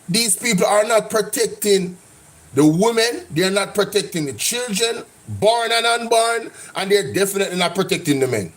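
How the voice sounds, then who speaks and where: A man's voice: high-pitched, expressive, normal speed. A Jamaican man hosting a live stream, reacting to politics with an impassioned, repetitive rant. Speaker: political commentary host.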